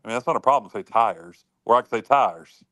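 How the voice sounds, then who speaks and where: A man with a Southern US accent, co-hosting a casual sports talk show in a jokey, animated way. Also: on the low side, racing, dry recording. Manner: animated, jokey, repeats words when worked up.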